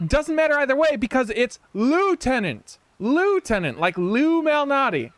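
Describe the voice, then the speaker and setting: A man's voice: very high-pitched, wildly swooping pitch, moderate pace, hardly any pauses, no echo. An American man streaming a video game, giving casual, joking commentary with rambling asides. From United States.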